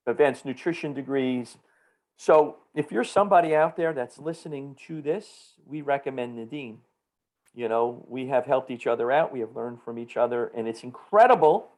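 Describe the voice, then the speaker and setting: A man's voice: mid-range voice, darkish tone. Man, New Jersey accent, podcast host, upbeat, playful, casual interview chat.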